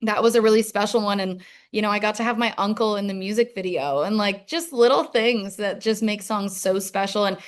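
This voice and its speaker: A young adult woman, a musician appearing as a guest in a casual interview, talks in a rambling way packed with fillers. Her medium-pitched voice moves fairly quickly with few pauses.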